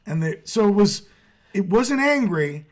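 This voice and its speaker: A man's voice: high-pitched, big pitch swings, unhurried. A man co-hosting a casual sports talk show, telling a laid-back story and swearing casually. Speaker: co-host.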